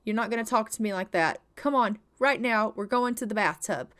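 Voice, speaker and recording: A woman's voice: a little high, brisk, fairly bright tone, close to an everyday voice. Weary sim dad, stern but patient, parental tone , as a woman puts him on. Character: tired, firm but loving young dad.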